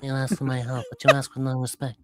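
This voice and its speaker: An actor playing a grave older male mob boss who speaks in a low, slurred murmur, heard as a clip from a film. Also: monotone, quick pace, darkish tone, faint music behind, lightly acted. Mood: cold, reproachful. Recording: noisy clip played from a film.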